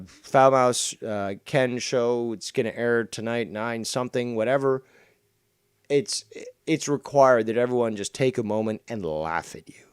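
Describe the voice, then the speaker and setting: A man's voice: mid-range voice, a little mellow, clean tone, no echo, studio quality. Sneering, profane male stream host. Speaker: stream host reviewing clips. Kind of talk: mocking commentary over a clip.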